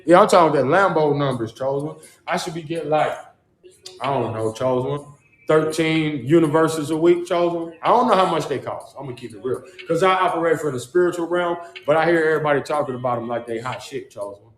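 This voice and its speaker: A man's voice: a little high, fast, roomy sound. A man hosting a casual livestream monologue, rambling in slangy, profane street talk and repeating the same refrain words again and again. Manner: rambling, repeats "Charles" and "chosen one" as a refrain. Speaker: livestream host. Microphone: phone.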